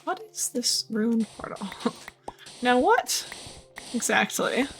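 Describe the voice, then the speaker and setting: A woman's voice: fairly high pitch, lively intonation, slow, creaky, faint music behind. A tired woman streamer rambling casually to herself while she plays. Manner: chatty, rambling, self-talking. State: tired, short on sleep. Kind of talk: casual gameplay commentary.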